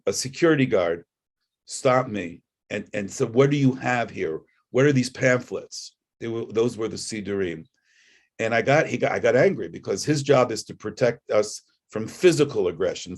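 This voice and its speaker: A man's voice: fairly low pitch, a little mellow. A man sharing a personal reflection over a video call, rambling with frequent restarts. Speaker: guest speaker.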